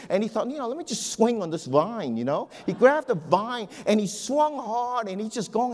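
Middle-aged pastor man, super animated, lots of pitch swing, long echo in the church. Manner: animated storyteller, repeats words. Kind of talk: sermon with a joke. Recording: long church hall reverb.

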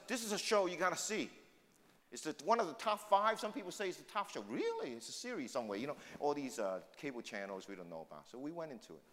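An older man preaching a sermon as a pastor, shifting between loud emphatic points and quiet asides. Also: medium pitch, in a large hall.

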